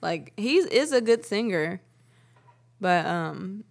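A young woman co-hosting a casual podcast, a mother telling a story in a relaxed, agreeable way. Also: medium pitch, takes it slowly, creaky. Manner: agreeable, backs up her partner with short yeahs, relaxed storytelling. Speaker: podcast co-host.

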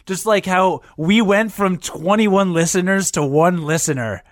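A man's voice: sits high, unhurried, no echo, clean studio sound. A man co-hosting a casual podcast, teasing his partner and laughing often. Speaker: podcast co-host.

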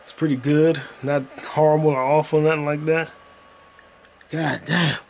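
A man's voice: on the high side, little pitch movement, unhurried, creaky, slight background noise. A man hosting a podcast, chatting casually and profanely while he plays a video game. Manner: rambling, profane, jokey. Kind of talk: casual gaming commentary.

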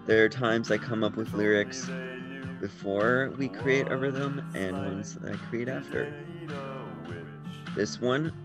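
A man casually talking about writing his songs, laid-back and rambling, often trailing off mid-thought. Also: on the low side. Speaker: songwriter discussing his album. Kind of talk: casual chat. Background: music.

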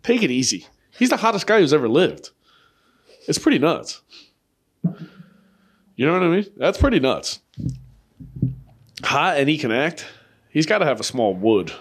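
A man's voice: fairly high pitch, sing-song, moderate pace, pauses often, husky. A young man hosting a comedy podcast, rambling in crude, profane bursts and laughing often at his own jokes. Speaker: podcast host.

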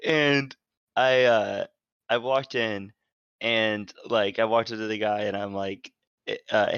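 A man's voice: on the low side, steady tone, slow, a bit bright, clean tone, dry recording, highs cut off. A man co-hosting a casual podcast, telling stories in a rambling, profane way full of fillers and restarts. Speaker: podcast co-host. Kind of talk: casual chat, storytelling.

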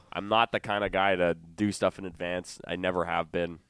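A man's voice: low-pitched, flat delivery, normal speed, fairly bright tone, clean tone, dry recording, clean studio sound. A young man co-hosting a podcast, chatting casually and rambling, stuffy with a cold and swearing freely. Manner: laid-back, profane, rambling. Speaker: podcast co-host. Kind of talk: casual chat.

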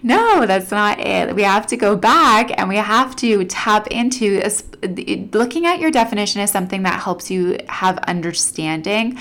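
Animated woman podcast host. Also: mid-range voice, moderate pace, hardly any pauses. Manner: animated, laughs often, acts out quoted inner voices. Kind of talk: casual solo podcast talk.

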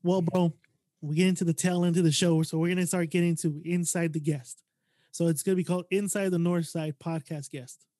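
High-voiced, joking podcast host man. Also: fairly even intonation, brisk, dark tone. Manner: joking, teasing, laughs while asking questions. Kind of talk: casual chat.

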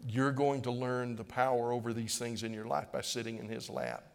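A middle-aged man preaching to his congregation, his mid-pitched voice earnest and pleading. He circles back to his phrases again and again. The long reverb of the sanctuary trails after each line. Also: moderate pace, gravelly, clear, resonant tone. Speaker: pastor. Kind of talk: sermon. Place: church sanctuary.

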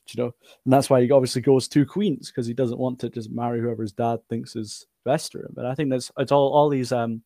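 Halting, chatty male podcast co-host. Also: mid-range voice, warm tone, dry recording, studio quality. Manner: halting, many restarts and fillers, laughs often. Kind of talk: casual film discussion.

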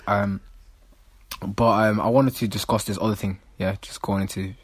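A young man rambles through a casual podcast chat, circling back on his words. His voice is husky and sits low, recorded close and dry. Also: level tone, normal speed, no echo. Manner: rambling, repeats himself, filler-heavy. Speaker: podcast co-host.

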